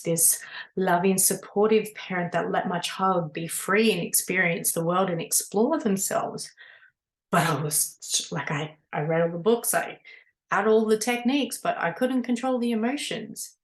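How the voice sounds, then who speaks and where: A woman, a spiritual mentor, telling her own story in an earnest, animated way with lots of casual fillers. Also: mid-range voice. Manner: earnest, animated, many "you know" fillers. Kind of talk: personal storytelling monologue. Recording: echoey room.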